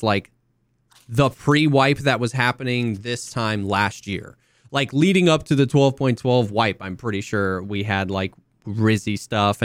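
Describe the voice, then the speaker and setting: Guy chatting on a podcast, smooth clear voice, dry close mic, rambly and chill. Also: mid-range voice, no room sound. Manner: relaxed, rambling, many restarts and fillers. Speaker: podcast co-host. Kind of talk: casual chat.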